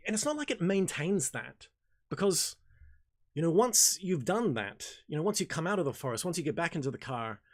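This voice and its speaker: Male host, loose off-the-cuff delivery, frequent restarts and mild swearing, pitched a little high. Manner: rambling, self-correcting, casual with swearing. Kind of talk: casual Q&A livestream talk.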